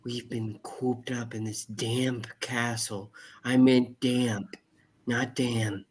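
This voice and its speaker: A reader voicing an impatient assistant stuck in a castle, reading casually with chatty asides in a husky voice. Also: medium pitch, little pitch movement, slow. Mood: irritated.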